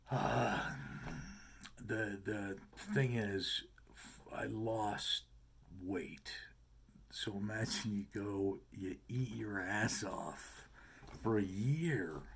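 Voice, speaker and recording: A man's voice: fairly low pitch, a little hiss or hum. A man talking casually to the camera in a rambling, self-deprecating, joking way, with lots of fillers. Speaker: vlogger.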